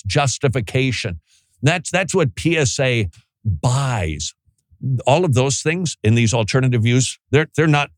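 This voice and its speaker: A man's voice: medium pitch, no room sound. Man preaching, emphatic, lots of rhetorical questions, dry recording. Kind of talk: sermon.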